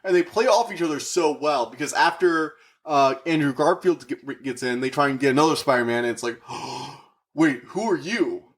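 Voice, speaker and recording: An excitable young man talks through a movie review in a loose, chatty way, with a fairly high voice. He acts out the characters as he retells scenes and lets a curse slip when he gets worked up. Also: a little fast, hardly any pauses. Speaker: podcast reviewer.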